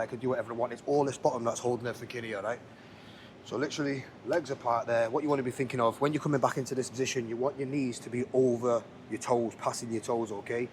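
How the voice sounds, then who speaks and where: A man's voice: mid-range voice, slight background noise. A man coaching a gym workout in a casual, chatty way, often checking in with the viewer. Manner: chatty, coaching, keeps checking in with "okay, lads?". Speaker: fitness instructor. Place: indoor gym.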